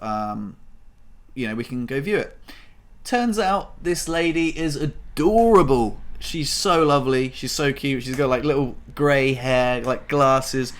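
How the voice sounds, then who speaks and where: A man's voice: mid-range voice, a bit bright. Casual rambling man telling a story. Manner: casual, rambling, many fillers and swearing; emotional, voice rising when upset. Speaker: vlogger. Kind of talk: personal storytelling vlog.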